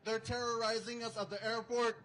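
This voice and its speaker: A man's voice: extremely high pitch, flat delivery, brisk, bright, forceful tone, a little hiss or hum, rough recording. A man emceeing an outdoor protest rally, fervently rallying the crowd between speakers.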